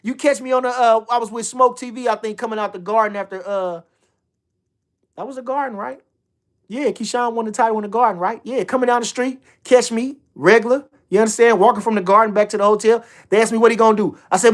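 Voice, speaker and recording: A man's voice: very high-pitched, fast talker, fairly bright tone. A man hosting a casual livestream, hyped and repeating himself, swearing freely. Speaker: livestream host talking boxing.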